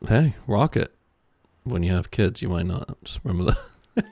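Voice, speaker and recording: Brief: deep gravelly male podcast co-host, animated delivery, rambling and laughing. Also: moderate pace, dry recording. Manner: laughs often, rambling restarts. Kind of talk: casual chat.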